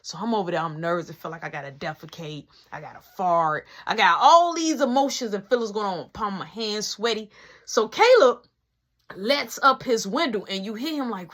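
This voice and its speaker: A young woman telling a storytime vlog story, animated, acting out scenes with whispered dialogue. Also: a little high, moderate pace.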